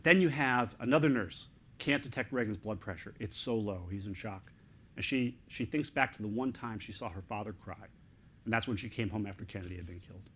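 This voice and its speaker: A middle-aged man, an author speaking as an interview guest, telling a story in excited, animated bursts of short fragments. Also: fairly low pitch, a little fast, slight background noise.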